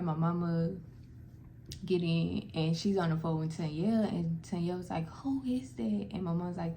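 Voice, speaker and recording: A young woman telling viewers a personal family story in a casual, heartfelt way, often calling them "y'all" and filling with "like". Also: deep voice. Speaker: vlogger sharing a personal story. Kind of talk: emotional personal storytelling to camera. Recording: faint background noise.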